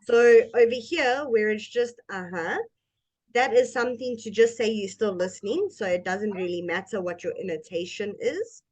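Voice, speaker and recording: In a one-on-one English lesson, a woman with a medium-pitched, somewhat dark voice speaks slowly and patiently. She models intonation for her student as she teaches.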